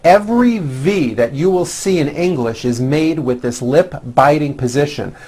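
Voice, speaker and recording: A man teaching English pronunciation in a scripted lesson, demonstrating sounds slowly and with exaggeration. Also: on the high side, lively intonation, a little mellow.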